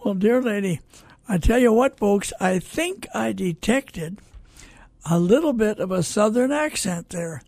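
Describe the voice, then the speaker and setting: An older man hosting a Christian radio program, reading listener calls with slow, preacherly asides. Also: high-pitched, lively intonation, creaky, darkish tone, no room sound. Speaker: radio host and network founder. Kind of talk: folksy radio commentary.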